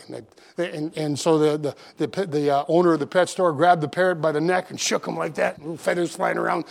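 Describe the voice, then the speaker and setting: A man's voice: fairly high pitch, brisk, vocal fry. A man preaching a sermon in a church auditorium, folksy and earnest, after an opening prayer. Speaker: pastor.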